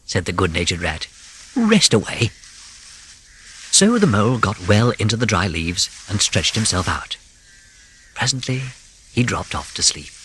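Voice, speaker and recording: An audiobook narrator reading a classic storybook, expressive, with whispered moments of suspense. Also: mid-range voice, slight background noise.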